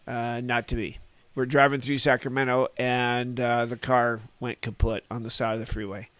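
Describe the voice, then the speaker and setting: A man in his sixties from Northern California, reminiscing as a podcast guest. His voice sits at an ordinary middle pitch and is recorded dry and close. He wanders through his stories with folksy asides and chuckles at his own tales. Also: little pitch movement, normal speed, a bit bright, no room sound. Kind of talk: casual reminiscing storytelling.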